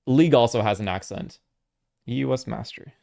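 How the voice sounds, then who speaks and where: A man's voice: medium pitch, brisk, gravelly, warm tone. A young man streaming from home, chatting casually and reacting to other streams, swearing freely and laughing often.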